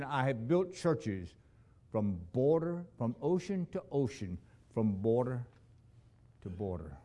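Dramatic preacher man, slow and lively. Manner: dramatic storytelling, swings between loud emphasis and hushed lows. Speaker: missionary preacher. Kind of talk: sermon.

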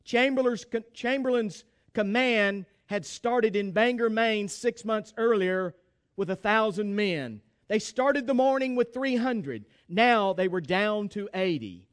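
Male preacher, high resonant voice, dramatic sermon storyteller. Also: lively intonation, takes it slowly, clean tone. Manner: dramatic, calls for congregation response.

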